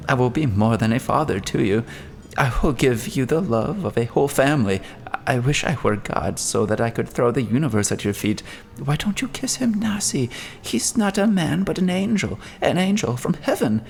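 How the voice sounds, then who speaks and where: A man's voice: medium pitch, unhurried, gravelly. A man reading the part of a desperate, grief-stricken old father who pleads and rails at himself in an audiobook. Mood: frantic. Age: older. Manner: wailing, pleading, self-reproaching.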